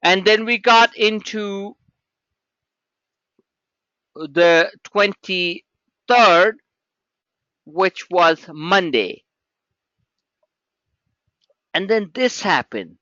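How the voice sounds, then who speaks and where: A man's voice: high-pitched, expressive, drawn-out words, long pauses, pushed and bright, no room sound, dull audio. A man hosting a live trading webinar, talking emphatically and repeating himself as he walks viewers through charts. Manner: emphatic, repetitive, talks straight to viewers.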